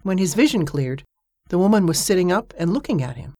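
A woman reading a story aloud as an audiobook narrator, with a steady storytelling manner. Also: fairly quick, no echo, clean studio sound. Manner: steady storytelling voice, lifting pitch for characters' dialogue. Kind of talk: scripted narration.

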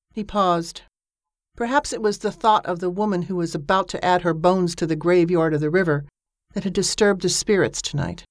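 A woman reading a story aloud as an audiobook narrator, with a steady storytelling manner. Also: normal speed, dry recording, studio quality. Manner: steady storytelling voice, lifting pitch for characters' dialogue. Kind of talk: scripted narration.

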